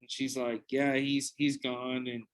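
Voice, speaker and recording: A young male podcast host with a mid-range, level voice speaks unhurriedly, telling a long anecdote. The casual storytelling is profane and rambling with frequent restarts, and the recording quality is low.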